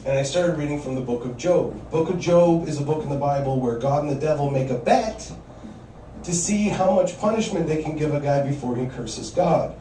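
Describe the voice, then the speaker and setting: A man's voice: a little high, moderate pace, mellow, reverberant, far from the mic, slight background noise, low-quality recording. A man performing a stand-up comedy set, telling wry stories and acting out quoted voices.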